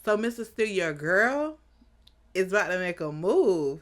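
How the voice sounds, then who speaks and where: A woman talks through an anime episode in casual reaction commentary, puzzling things out aloud. Her voice sits a little low and her delivery is slow and unhurried. She is animated and quick to laugh. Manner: animated, laughs a lot, thinks out loud.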